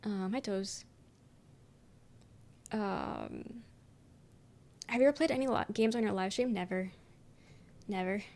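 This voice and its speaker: A young adult woman streams and chats casually with her viewers, reading their messages aloud. Her mid-range voice is gravelly and darkish, swinging hugely in pitch, slow with long pauses. She rambles, swears casually, and fills her speech with lots of "um" and "like."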